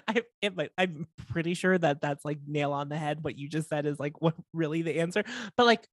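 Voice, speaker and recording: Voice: mid-range voice, brisk, no echo, clean studio sound. A person in casual conversation, blunt and wry, laughing often between remarks. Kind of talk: casual chat.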